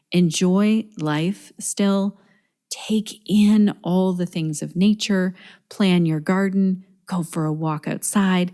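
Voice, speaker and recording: A woman doing a kind English friend with an English accent, speaking in a gentle, motherly way and cheering someone on. Her voice sounds warm and mellow. It also sits somewhat low.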